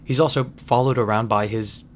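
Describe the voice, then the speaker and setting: A man's voice: on the low side, fairly even intonation, normal speed, a little hiss or hum. A man hosting a podcast, giving a wry, conversational film commentary monologue with frequent asides. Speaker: podcast host.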